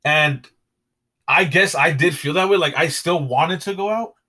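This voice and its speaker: A man's voice: fairly high pitch, a little slow, pushed and bright. A young man co-hosting a podcast, chatting casually in a rambling way with fillers and swearing. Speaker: podcast co-host. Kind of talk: casual chat.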